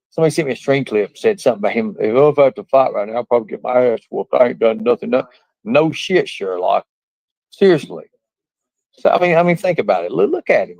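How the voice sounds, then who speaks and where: A man's voice: medium pitch, no room sound, poor audio. A man hosting a livestream, ranting in a boastful, profane, mocking way. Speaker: livestream host. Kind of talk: casual livestream rant.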